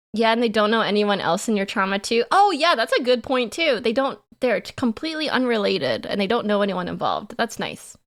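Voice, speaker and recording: Woman, livestreamer, casual chat, playful, giggly, somewhat high voice. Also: very animated, normal speed.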